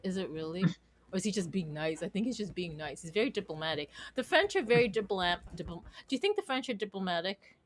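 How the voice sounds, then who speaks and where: Young canadian woman rambling on a livestream, giggly and bubbly, normal pitch. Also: lively intonation, fast talker, slight background noise. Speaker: host. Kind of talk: casual livestream chat.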